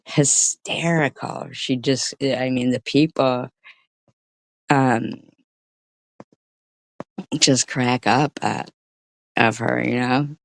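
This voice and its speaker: Middle-aged woman, gravelly and dry; a profane, mocking commentary host who rambles into chatty stories. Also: a bass voice, fairly even intonation, drawn-out words, long pauses, dry recording. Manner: chatty storytelling. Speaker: live-stream commentary host. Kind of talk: ranting live-stream commentary.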